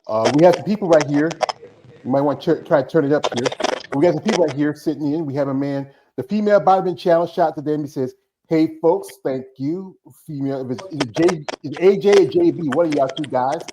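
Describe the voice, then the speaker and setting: A man hosting a casual interview, relaxed and reading out viewer comments. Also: fairly high pitch, fast talker, background noise. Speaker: host. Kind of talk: casual interview with live chat.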